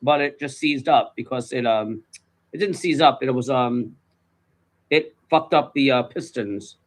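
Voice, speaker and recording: A man's voice: medium pitch, rough recording. A man in casual chat, telling rambling stories full of swearing. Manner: rambling, profane storytelling; fast, animated.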